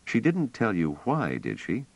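A man voicing a blunt, direct younger man who is impatient but trying to stay calm. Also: on the low side, unhurried, gravelly, no echo, voice pushed up, full character voice. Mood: wry. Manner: direct, terse.

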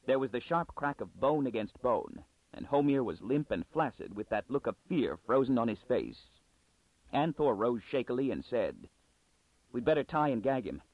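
A man narrating an audiobook with an expressive, scripted reading. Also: moderate pace, no room sound. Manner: expressive reading with animated pitch. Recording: dry, phone-like narrow sound.

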